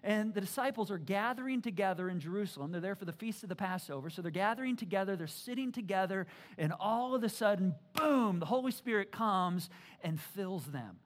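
This is a pastor delivering a sermon in a loose, conversational way. The speech is animated and playful, full of repeated words and restarts. It jumps from loud, excited bursts to quiet, earnest passages. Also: mid-range voice, a little fast. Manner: animated and joking, swings from loud to hushed.

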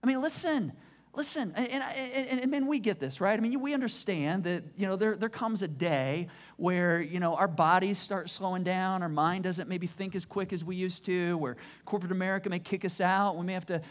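A man's voice: high-pitched, moderate pace. Brief: emphatic male preacher in a church, stammers and repeats for punch. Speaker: pastor. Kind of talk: sermon.

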